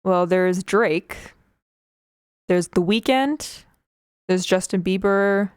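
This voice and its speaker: A woman's voice: mid-range voice, very slow, darkish tone, clear, resonant tone, dry recording, studio quality. A young woman from Canada chatting casually on a livestream while she draws, rambling with fillers, with a slight speech impediment. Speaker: Twitch streamer.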